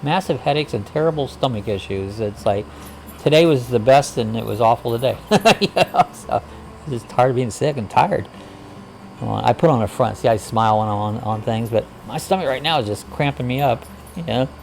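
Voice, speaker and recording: With a mid-range voice that's a little mellow, a man chats casually on a livestream at normal speed, his intonation lively and touched with vocal fry. He greets viewers and reads their comments aloud in a rambling, folksy manner with lots of "uh" fillers, over a little hiss or hum.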